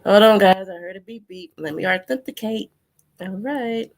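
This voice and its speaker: A woman's voice: mid-range voice, moderate pace, vocal fry. A woman hosting a livestream, ranting bluntly and profanely in a rambling way. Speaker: host. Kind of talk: heated livestream commentary.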